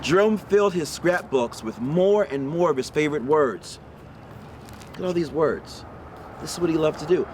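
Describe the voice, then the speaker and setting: A man reading a children's picture book aloud outdoors in a park, pausing to ask his young listeners questions. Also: on the high side, lively intonation, a little mellow, slight background noise. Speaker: storybook reader for children. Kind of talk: read-aloud storytelling. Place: outdoors in a park on a windy day.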